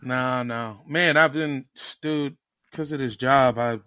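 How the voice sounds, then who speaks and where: A man co-hosting a casual podcast chat, animated and excitable, swearing casually. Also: medium pitch, slow pace, no room sound. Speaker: podcast co-host.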